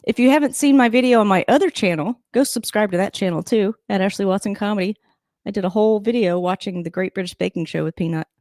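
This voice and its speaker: A woman's voice: mid-range voice, fast talker, darkish tone, dry recording. Woman, live-stream host, casual rambling chat, laughs a lot, at home, dry close mic. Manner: chatty and rambling, laughs often. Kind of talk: casual live game reaction.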